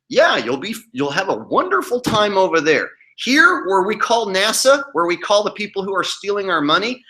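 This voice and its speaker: A man's voice: fairly high pitch, bright, forceful tone. A man hosting his own livestream, talking casually in a profane, defiant way and mocking his critics. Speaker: channel host.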